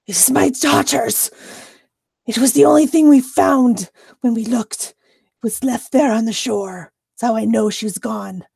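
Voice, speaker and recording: Woman doing grieving mother, pleading, frightened, slow, dry sound. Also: a little high, gravelly, darkish tone, slightly rough, dry recording, exaggerated voice. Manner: pleading, fearful.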